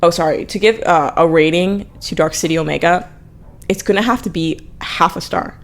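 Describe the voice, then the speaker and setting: Blunt, lower-voiced young woman reviewing books. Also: moderate pace. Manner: animated, blunt, swears often, laughs at herself. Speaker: book reviewer, channel host. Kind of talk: casual chat.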